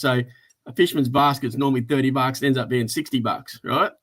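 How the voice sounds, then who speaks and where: A man's voice: medium pitch, normal speed. Blokey Australian man telling a yarn. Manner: blokey, animated storyteller. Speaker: co-host. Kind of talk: casual storytelling chat.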